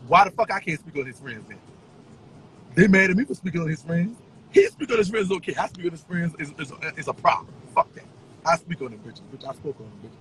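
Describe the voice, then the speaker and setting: A man ranting on a livestream in a taunting, profane way, with sing-song chants and bursts of shouting. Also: a little high, slight background noise, low-quality recording. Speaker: social media personality.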